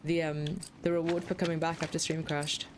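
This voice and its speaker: A woman's voice: low voice, level tone, brisk, noisy background. A young woman streamer chatting casually and playfully while playing a game, swearing freely. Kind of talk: casual live-stream chat while gaming.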